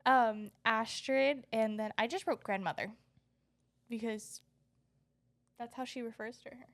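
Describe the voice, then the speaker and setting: A woman co-hosting a relaxed book podcast, her voice pitched a little high. She rambles from one funny story to the next and breaks into giggles often. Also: a little slow. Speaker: podcast co-host. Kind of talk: casual chat.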